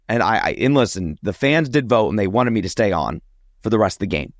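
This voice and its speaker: A man with a hoarse, scratchy voice from a sore throat, hosting a sports podcast. His voice sits on the low side and sounds dry and close to the mic. He rambles loosely, with plenty of ums and uhs. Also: animated, a little fast, no room sound. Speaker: podcast host. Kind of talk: casual sports podcast chat.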